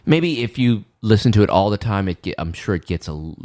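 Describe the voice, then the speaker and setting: A man's voice: lowish voice, big pitch swings, fairly quick, mellow. A man co-hosting a podcast, chatting casually and circling back with questions. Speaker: podcast co-host. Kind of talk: casual chat.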